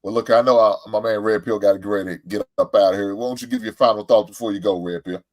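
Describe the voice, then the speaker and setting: A man's voice: lowish voice, fairly even intonation, quick pace. A man hosting a casual podcast, prompting the others with questions and fillers. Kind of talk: casual chat.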